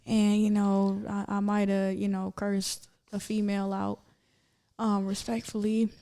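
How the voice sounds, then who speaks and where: A young woman, a podcast guest, telling a story casually with lots of fillers and acting out quotes in a high voice. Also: a little slow, clear, resonant tone. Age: young adult. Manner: animated, many fillers, acts out quotes in high voice.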